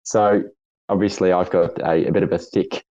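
A man with an Australian accent and a raspy voice, hosting a casual audio chat and asking long, rambling questions with lots of fillers. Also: low-pitched, steady tone, normal speed, dark tone, no room sound, lo-fi sound. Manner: rambling, self-correcting questions with frequent fillers. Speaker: host. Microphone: online audio chat room.

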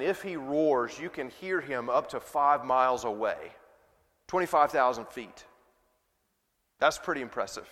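A man's voice: mid-range voice, expressive, unhurried, fairly bright tone. A male pastor giving a sermon in a conversational preaching style, with rhetorical questions to the congregation. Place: church sanctuary. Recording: long church reverb.

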